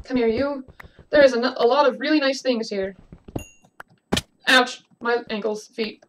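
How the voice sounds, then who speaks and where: Young woman, high bright voice, jumpy let's-play talker, faint hum behind her. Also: a little slow, rough recording. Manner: jumpy, exclaiming, talks to game creatures. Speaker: gaming video creator. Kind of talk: casual let's-play commentary. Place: home room at a desk. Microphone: desk webcam mic.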